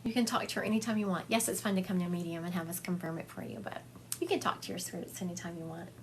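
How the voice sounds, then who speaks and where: A woman's voice: fairly low pitch, steady tone, very fast, slight background noise. Chatty woman doing a psychic livestream. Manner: chatty and affectionate, calls listeners honey, laughs often. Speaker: psychic medium. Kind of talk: livestream reading for viewers. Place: at home. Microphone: phone livestream.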